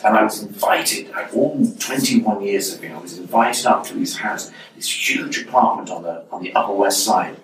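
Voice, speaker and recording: A man's voice: lowish voice, moderate pace, hardly any pauses. A middle-aged English man chatting as an interview guest, telling rambling wry anecdotes with lots of restarts. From England. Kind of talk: casual interview chat. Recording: echoey room, distant mic, faint noise.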